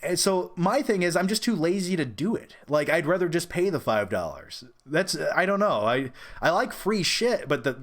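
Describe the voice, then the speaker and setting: A man's voice: on the high side, very animated, moderate pace, hardly any pauses. A man hosting a casual live-stream Q&A about movies, rambling and opinionated with frequent restarts. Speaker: host of a film review channel.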